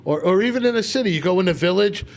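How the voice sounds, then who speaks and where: Comedian guest, male, high gravelly voice, animated storyteller who acts out his quotes. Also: rapid-fire. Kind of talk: casual podcast storytelling.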